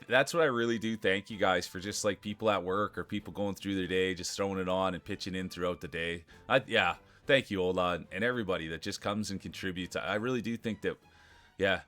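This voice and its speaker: Excitable man chatting with his stream. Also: deep voice, a little fast, faint music behind. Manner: excitable, talks straight to chat. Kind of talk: casual live-stream chat.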